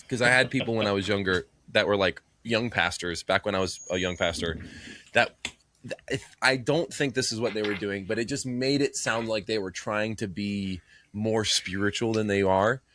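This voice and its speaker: A man co-hosting a podcast in casual chat, telling animated, joking stories. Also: lowish voice, moderate pace, slight background noise. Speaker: podcast co-host. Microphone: earbud in one ear.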